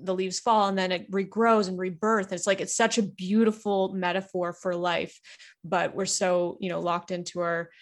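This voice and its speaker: A woman's voice: fairly low pitch, flat delivery, normal speed. A woman from Canada talking as a guest, sharing personal experiences in an earnest, reflective way with lots of filler words. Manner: reflective, earnest, many fillers like "like" and "you know". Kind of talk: candid personal conversation.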